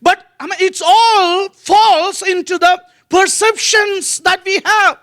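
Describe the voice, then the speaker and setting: A man's voice: extremely high pitch, fairly even intonation, slow pace, bright, forceful tone. A male pastor preaching a sermon earnestly, with frequent fillers and restarts.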